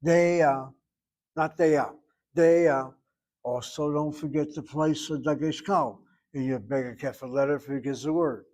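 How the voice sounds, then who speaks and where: A man's voice: mid-range voice, fairly even intonation, moderate pace, darkish tone. An older man teaching a Hebrew grammar class, wandering off into asides and carefully over-pronouncing each word he wants students to copy. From United States. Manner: digressive, emphatic over-pronouncing.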